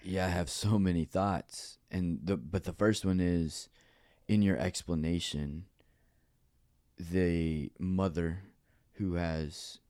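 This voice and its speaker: A man hosting an interview, asking questions in a halting way and rephrasing them as he goes. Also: low-pitched, fairly even intonation, darkish tone, dry recording, clean studio sound.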